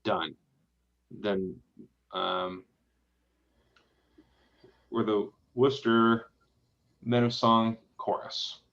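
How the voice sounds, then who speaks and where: A man's voice: lowish voice, steady tone, drawn-out words, long pauses, fairly bright tone, muffled recording. A man reviewing a website aloud in casual, encouraging feedback, thinking through each suggestion as he goes, heard over a video call. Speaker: web design reviewer.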